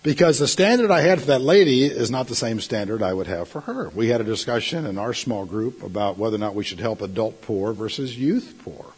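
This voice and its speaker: Husky man preaching a lively sermon. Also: mid-range voice, fairly quick, hardly any pauses. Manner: storytelling with sudden loud outbursts and laughs. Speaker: pastor.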